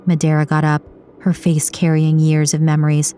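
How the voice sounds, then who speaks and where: Low-voiced woman narrating a novel. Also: moderate pace, faint music behind. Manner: steady storytelling. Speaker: audiobook narrator. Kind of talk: scripted narration.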